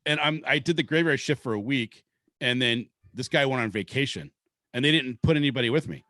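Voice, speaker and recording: On his podcast, this Seattle, Washington host tells a long, rambling, laid-back story full of swearing. His medium-pitched voice is pushed and bright and fairly quick, and the clean studio sound has no room sound.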